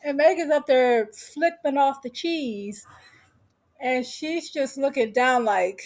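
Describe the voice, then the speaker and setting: A woman recaps a show in a sassy, teasing vlog voice full of slang. Her voice sits high. She takes her time with her delivery. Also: takes it slowly, a little mellow. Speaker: vlogger.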